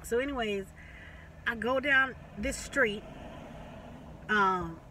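A woman telling a long personal story in a casual, animated way, repeating phrases, swearing and laughing. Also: fairly high pitch, slow pace, far from the mic, a little hiss or hum. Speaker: vlogger.

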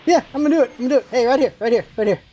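A gaming video host calling out live gameplay, excitable and shouting, repeating calls and teasing opponents. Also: medium pitch, very fast, soft background music. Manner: teasing, talks to enemy players.

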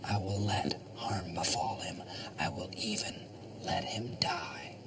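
An actor playing an intense, humorless office zealot who speaks in a stern, matter-of-fact way. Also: male voice, sits low, fairly even intonation, measured pace, heavy background noise. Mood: solemn.

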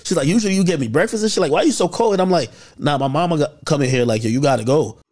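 High-voiced man telling a story. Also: rapid-fire. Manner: animated, acts out quotes with slang. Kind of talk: casual storytelling.

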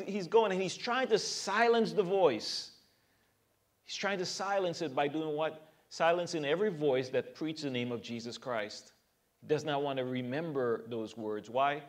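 A man preaches a verse-by-verse sermon as a pastor, with a voice pitched a little above the usual for a man. He is earnest and emphatic, working through the text and asking his listeners rhetorical questions.

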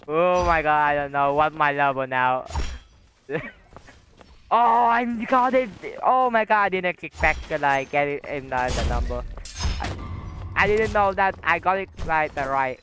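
A young man talks through a game with a slightly high voice, rambling with plenty of fillers and trash talk, breaking into sudden yelps. His home mic picks up clear background noise. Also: unhurried, long pauses, pushed and bright. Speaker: gamer. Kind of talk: casual gameplay commentary.

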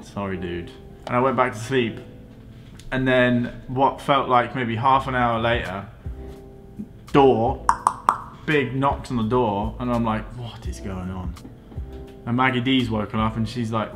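Young man, vlogger, animated storytelling, acts out both sides, pitch leaps on outbursts, faint music underneath. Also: unhurried. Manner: acts out both sides of the exchange, jumps up in pitch when retelling his own outbursts.

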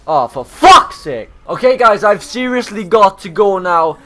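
Loud swearing Welsh gamer, bright voice. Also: male voice, high voice, animated, moderate pace, soft background music. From Wales. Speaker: gaming YouTuber. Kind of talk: casual gameplay commentary.

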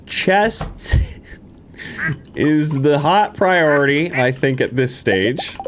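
A man's voice: on the high side, lively intonation, very slow, a little hiss or hum. A man giving live let's-play commentary, playful and full of silly sound-effect noises while he chats to the game characters. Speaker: gaming video creator. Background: game background music.

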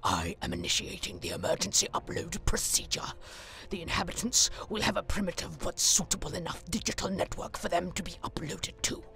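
Brief: menacing male alien villain, rasping and hushed, voiced by a woman, audio drama. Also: fairly low pitch, a little fast.

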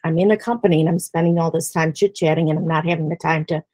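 Lower-voiced woman, earnest and dry. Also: fairly even intonation, quick pace, dark tone, dry recording. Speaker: panelist in developer marketing. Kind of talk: online panel discussion.

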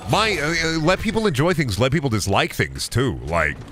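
A man's voice: medium pitch, wildly swooping pitch, normal speed, a bit bright, soft background music. A man streaming a game, ranting cynically and with plenty of swearing in a casual chat. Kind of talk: casual chat while gaming.

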